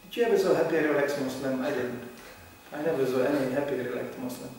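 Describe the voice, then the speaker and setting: A man's voice: medium pitch, fairly even intonation, fast talker, darkish tone. A man giving an informal scripture class, telling stories, acting out what people say in little voices and chuckling often. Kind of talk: informal sermon with storytelling. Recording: roomy hall, mic at a distance, faint background hum.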